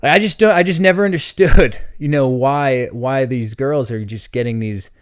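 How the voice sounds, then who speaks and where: A man's voice: mid-range voice, moderate pace, clear, resonant tone, dry recording, clean studio sound. A young man hosting a solo comedy podcast, telling a rambling story with lots of fillers and laughter. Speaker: podcast host.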